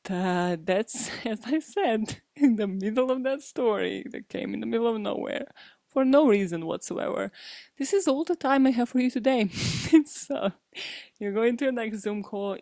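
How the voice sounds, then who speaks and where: Young woman, podcast host, tipsy, rambling, swearing, gravelly fry, dry close sound. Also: mid-range voice, darkish tone, no echo. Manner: chatty, rambling, swears freely, laughs often. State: a bit tipsy. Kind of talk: casual chat.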